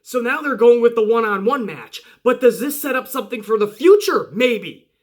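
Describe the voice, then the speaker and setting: A young man reviewing a wrestling show in casual, excited commentary, emphatic and full of swearing. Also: very high-pitched, moderate pace. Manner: profane, emphatic, hype-driven.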